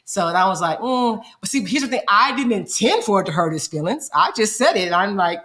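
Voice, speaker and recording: A woman's voice: mid-range voice, animated, fairly quick, a bit bright. Woman talking earnest and a bit hesitant, lots of ums, casual. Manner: earnest, hesitant, many fillers. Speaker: podcast co-host. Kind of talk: casual chat.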